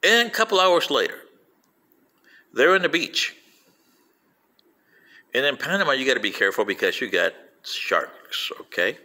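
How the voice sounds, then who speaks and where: An older man rambling through a personal anecdote, acting out quoted voices with lively storytelling. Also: mid-range voice, normal speed, long pauses. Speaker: vlogger playing an alien commentator.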